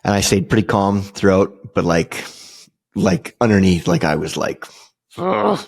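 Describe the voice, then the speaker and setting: A man's voice: low voice, steady tone, moderate pace. A middle-aged man hosting a podcast, telling a personal story in a casual, rambling way with lots of fillers and restarts. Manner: rambling, loose delivery with many fillers and restarts. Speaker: podcast host.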